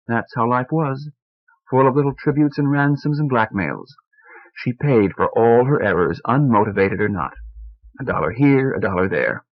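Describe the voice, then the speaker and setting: A man narrating a short story as an audiobook reader, measured and even, on a muffled old cassette recording. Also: medium pitch.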